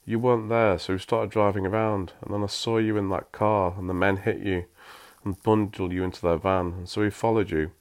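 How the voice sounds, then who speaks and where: A man with a deep voice voicing a young woman who urges and explains in clipped, hurried lines. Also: level tone, darkish tone, close to an everyday voice. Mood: explaining. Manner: urgent, clipped commands. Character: young woman, urgent rescuer.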